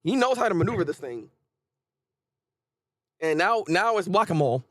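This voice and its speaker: Animated, high-voiced man reacting casually. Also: normal speed, no echo, clean studio sound. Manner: chatty, animated, stammering restarts. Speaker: manga reaction host.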